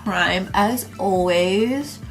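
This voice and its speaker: A woman's voice: mid-range voice, drawn-out words, music in the background. Congested young woman chatting through makeup. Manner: chatty, rambling, lots of fillers. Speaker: beauty vlogger. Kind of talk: casual makeup tutorial chat.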